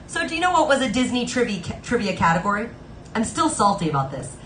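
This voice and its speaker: A woman's voice: a little high, very animated, fast, fairly bright tone, a little hiss or hum. A woman hosting a live stream, chatting playfully between songs and laughing often as she tells stories. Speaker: livestream singer and host. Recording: roomy sound with guitar playing behind.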